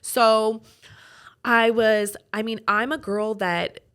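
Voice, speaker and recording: A woman's voice: fairly high pitch, fairly even intonation, slow, fairly bright tone, clean tone. A woman from Canada, a guest on a talk show, telling her personal story frankly and conversationally, with lots of fillers. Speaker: guest, trafficking survivor and peer advocate.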